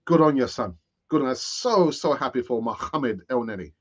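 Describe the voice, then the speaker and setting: A man's voice: mid-range voice, expressive, normal speed, dull audio. A tired man hosting a football fan channel, rambling through transfer news in a casual, self-mocking way.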